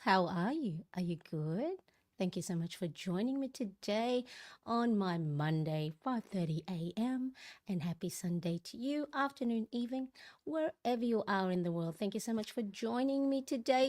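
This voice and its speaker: A chatty woman hosting a casual live stream, greeting each viewer by name and laughing often. Her voice is a little croaky this early in the morning, and she talks easily and warmly to the chat. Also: on the high side, animated, unhurried.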